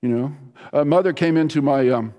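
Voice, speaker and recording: A man's voice: on the high side, fairly quick, long reverb tail, highs cut off. Man preaching a conversational sermon. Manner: conversational storytelling preacher, drops to a soft hush for prayers. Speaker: pastor.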